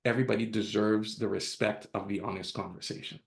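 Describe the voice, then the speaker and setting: A male podcast guest with a lowish, steady, creaky voice talks a little fast. He tells candid personal stories in a relaxed interview, laughing along and voicing the quotes himself.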